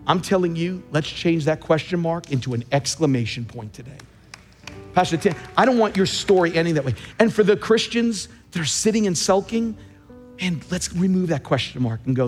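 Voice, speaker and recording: Emphatic pastor preaching in a big hall. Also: male voice, fairly high pitch. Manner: emphatic, rising and slowing for key phrases. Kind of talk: sermon. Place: large church sanctuary. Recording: long hall reverb, faint music.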